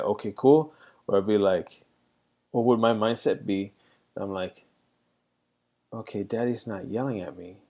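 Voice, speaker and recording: A man's voice: on the low side, a little mellow. A middle-aged man reflecting candidly in a rambling casual monologue, full of fillers. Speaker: vlogger.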